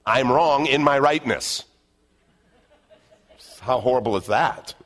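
A middle-aged man, a pastor, preaching a conversational sermon, going from loud emphatic bursts down to hushed, quiet asides. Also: mid-range voice, slow pace.

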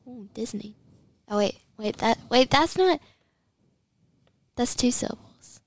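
A woman's voice: fairly high pitch, flat delivery, moderate pace, darkish tone. A woman co-hosting a casual studio chat, bubbly, giggly and easily flustered. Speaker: co-host.

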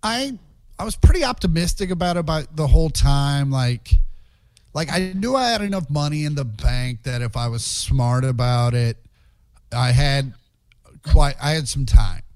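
A man swapping crude anecdotes with hosts, in a plain mid-range voice recorded close and dry. He talks loosely and swears freely, building each story with asides. It sounds like a relaxed podcast chat. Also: mid-range voice, normal speed, clear, resonant tone, no room sound. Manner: profane, animated anecdotes. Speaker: stand-up comedian guest. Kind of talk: casual storytelling interview.

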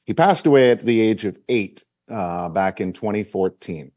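A man with a lowish voice hosting a sports talk show, speaking at a measured, reflective pace. The sound is dry and close. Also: animated, darkish tone, no room sound. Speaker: co-host. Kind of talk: casual sports chat.

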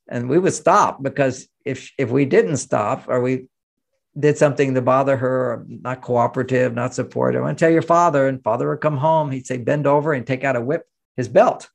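Man from the US, gravelly tone, middle pitch, animated interview talk. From United States. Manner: animated, acts out quoted voices, chuckles. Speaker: relationship author and interview guest. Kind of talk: conversational interview explanation.

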